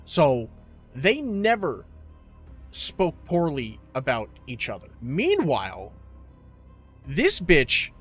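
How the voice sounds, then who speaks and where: A man's voice: a little high, wildly swooping pitch, slow, long pauses, fairly bright tone, breathy edge, soft background music. A man co-hosting a casual movie review podcast, ranting with lots of profanity and exasperation. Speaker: podcast co-host.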